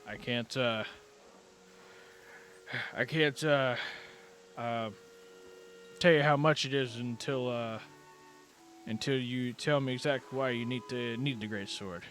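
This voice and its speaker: A man's voice: mid-range voice, slow pace, long pauses, fairly bright tone, soft background music. A man doing a stammering village blacksmith. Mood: eager. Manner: stammering, apologetic, eager to sell. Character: flustered middle-aged male village blacksmith.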